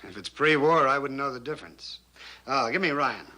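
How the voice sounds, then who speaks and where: A man's voice: medium pitch, expressive, normal speed, pushed and bright, low-quality recording. A man playing a weary, sardonic newspaper reporter, in 1950s film acting. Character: weary, jaded middle-aged newspaper reporter. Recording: old film soundtrack with clear hiss.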